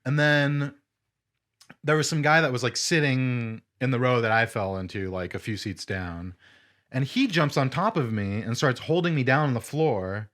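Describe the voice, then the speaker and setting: A young man co-hosting a podcast, telling a story in casual chat, animated and full of swearing. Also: mid-range voice, moderate pace. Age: young adult. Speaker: podcast co-host.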